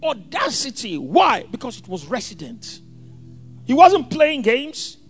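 High, lively preaching man. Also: a little slow, husky, soft background music. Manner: dramatic, swings from hushed to shouted quotes. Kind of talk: sermon.

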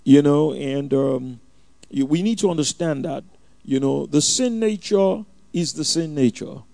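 A man preaching a sermon in a church, opening with a measured, fervent prayer and then teaching with frequent restarts and fillers. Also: fairly high pitch, gravelly, mellow, no room sound.

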